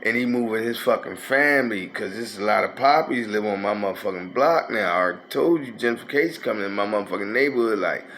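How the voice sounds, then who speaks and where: A man's voice: lowish voice, expressive, fast talker, few pauses, a bit bright, a little hiss or hum. A man, telling a rambling, profane street story in a casual way. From North Philadelphia. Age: 50s.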